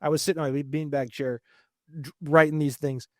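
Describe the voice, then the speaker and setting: A man as an interview guest, ranting heatedly with lots of swearing and fast bursts. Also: on the high side, fairly even intonation, no echo, studio quality. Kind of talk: casual interview talk.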